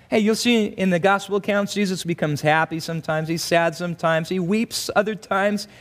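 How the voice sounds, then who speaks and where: A male pastor preaching an expository sermon in an animated way, acting out quoted asides in voices. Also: high voice.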